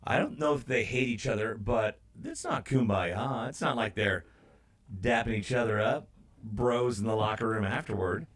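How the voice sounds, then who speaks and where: A man co-hosting a sports radio show. He tells stories in a casual, chatty way. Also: lowish voice. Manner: chatty storyteller, slows down to stress points.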